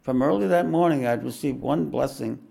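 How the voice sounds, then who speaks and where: A man, a spiritual teacher, reading aloud from a spiritual autobiography in a measured way and pausing for calm explanatory asides. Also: mid-range voice, creaky.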